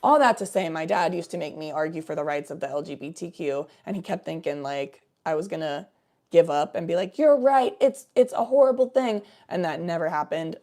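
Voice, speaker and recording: A woman's voice: sits low, darkish tone. Blunt, profane woman from Cincinnati. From Cincinnati, USA. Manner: blunt and profane, quick asides. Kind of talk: casual storytelling chat.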